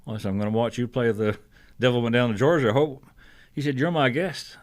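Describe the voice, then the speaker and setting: In a relaxed TV interview, a guest singer-songwriter, an older man from Fredericton, New Brunswick, Canada, tells lively stories at a fast clip in a medium-pitched voice. He often chuckles and mimics the voices of those he's quoting.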